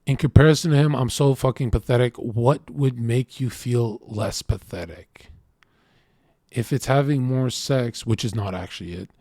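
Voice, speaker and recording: Man, streamer, reading chat aloud, brash, profane, boastful, rambling, mid-pitched voice, dry close sound. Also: moderate pace, a little mellow, no echo. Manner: rambling, acts out dialogue.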